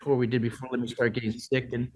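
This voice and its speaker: A man's voice: medium pitch, flat delivery, quick pace, poor audio. Rambling man in his sixties. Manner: rambling anecdotes, many restarts and "like". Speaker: musician guest. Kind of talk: casual storytelling interview.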